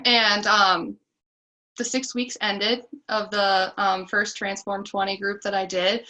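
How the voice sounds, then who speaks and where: A woman's voice: medium pitch, little pitch movement, takes it slowly, pushed and bright, poor audio. A woman in her twenties with a Midwestern American accent, talking casually as guest speaker on a team call, chatty and laughing often. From Midwest US (Iowa). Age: 20s. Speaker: guest speaker, new coach.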